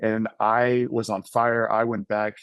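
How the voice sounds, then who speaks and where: A man in his thirties, appearing as a podcast guest, gives an earnest, conversational account of his personal faith and keeps checking in with "right?". He is an author and the founder of a mentoring ministry. His voice is fairly low and fairly flat, at a measured pace with a clean tone, and the recording is muffled but has no echo.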